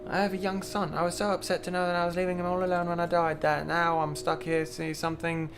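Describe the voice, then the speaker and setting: A man's voice: sits high, little pitch movement, fast talker, over music, voice pushed up. A man voicing the humble, pleading ghost of a parent searching for a young son, in old-fashioned speech.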